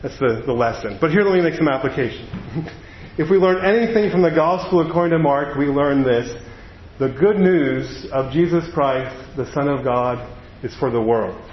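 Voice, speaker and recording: A man's voice: fairly high pitch, slight background noise. A male pastor preaching a sermon in a conversational, storytelling manner. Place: church sanctuary. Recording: echoey dull room recording.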